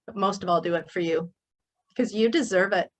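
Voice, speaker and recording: A middle-aged woman leads a motivational workshop for a live online group, delivering her speech in an emphatic, preachy manner. Her voice is mid-range and she talks at a normal speed.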